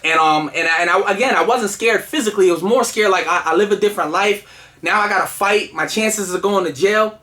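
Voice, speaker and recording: A man's voice: sits high, a little fast, bright, forceful tone. A man telling a personal story in casual, earnest conversation, with lots of fillers and restarts. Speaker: guest telling his story.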